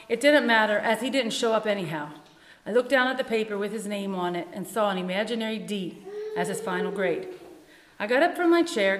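A woman who teaches music, reading her own first-person story in a measured, earnest way. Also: medium pitch, a little hiss or hum. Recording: echoey room with long reverb.

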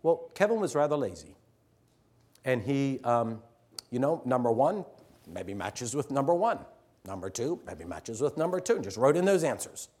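A middle-aged man, a teacher addressing fellow teachers, telling a story earnestly, swinging from loud emphasis to hushed near-whispers. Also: mid-range voice, big pitch swings, moderate pace, slightly rough. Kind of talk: storytelling talk to an audience.

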